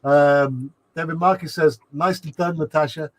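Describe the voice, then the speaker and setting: A man's voice: fairly high pitch, fairly even intonation, normal speed, background noise. Laughing man reading chat aloud. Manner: reads chat messages aloud with frequent laughs and fillers. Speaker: livestream host reading chat. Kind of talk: casual chat.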